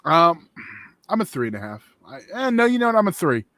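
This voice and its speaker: A man's voice: fairly high pitch, sing-song, fairly quick, bright, forceful tone, no room sound, clean studio sound. A man co-hosting a casual movie review podcast, wry and self-deprecating. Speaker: podcast co-host.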